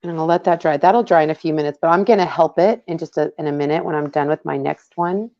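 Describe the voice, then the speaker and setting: Hiccuping through a casual live craft tutorial, a woman works on her project and chats, calling out viewers by name. She talks fast in a low-pitched, darkish voice over dull lo-fi livestream audio.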